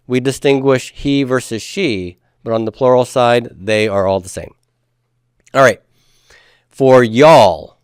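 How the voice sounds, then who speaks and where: A man's voice: mid-range voice, smooth, dry recording, studio quality. Patient man lecturing on grammar. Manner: patient, step-by-step explaining, has the class repeat forms aloud. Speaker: Hebrew grammar teacher. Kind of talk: classroom lecture.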